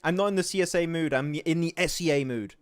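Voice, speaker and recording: A man's voice: on the high side, fast talker, clear, resonant tone, no echo. A young man from England casually commentating a mobile esports match on a livestream, reacting to plays and reading chat aloud. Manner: excitable, reads chat aloud. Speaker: esports caster.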